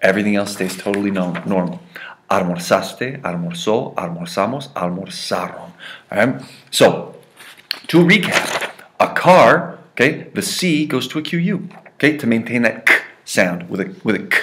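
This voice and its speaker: Jokey low-voiced male Spanish teacher. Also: animated, normal speed, fairly bright tone, slight background noise. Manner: playful, jokey, checks in with "right?" and "okay?" constantly. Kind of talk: recorded classroom lesson.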